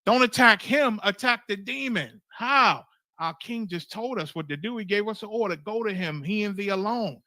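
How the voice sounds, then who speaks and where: A man's voice: sits high, lively intonation, normal speed, pushed and bright, dry recording. A man leading a scripture class, preaching in a loose, streetwise way with profanity and acted-out exchanges.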